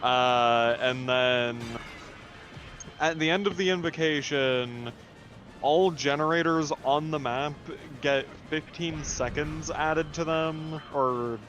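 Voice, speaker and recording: A man's voice: a little high, takes it slowly, a bit bright, lo-fi sound, faint music behind. A young man co-hosting a casual podcast, explaining things in a meandering way with fillers and casual swearing. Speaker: podcast co-host. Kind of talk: casual chat.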